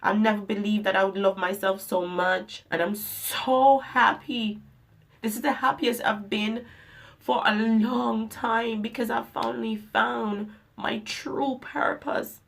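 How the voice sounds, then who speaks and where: A woman's voice: on the high side, steady tone, takes it slowly, creaky. A woman vlogger and mother speaking to the camera in a heartfelt, emotional pep talk, repeating her phrases for emphasis. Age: adult mother. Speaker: vlogger and herbal products maker.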